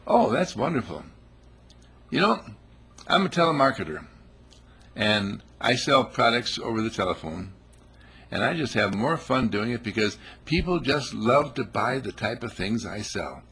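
A man's voice: mid-range voice, sing-song, measured pace, a bit bright, breathy edge. A man giving an informal motivational talk in a folksy manner, repeating his points and acting out little scenes in voices. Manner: folksy, repetitive, acts out quotes in voices.

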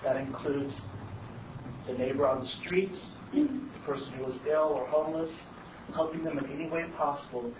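A man's voice: a little high, moderate pace. A man speaking earnestly and a little hesitantly as a participant at a group meeting. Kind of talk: personal statement. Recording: distant, echoey, dull, noisy.

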